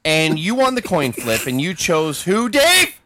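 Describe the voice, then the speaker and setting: A young man co-hosting a podcast, loud and exasperated, swearing through casual rowdy banter. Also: on the high side, big pitch swings, unhurried, background noise. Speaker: podcast co-host.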